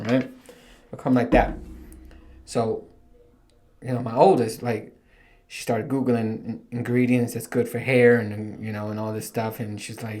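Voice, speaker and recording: A man's voice: mid-range voice, a little mellow. A man in his thirties hosting his own podcast, rambling in a casual, profane, self-mocking monologue. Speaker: podcast host.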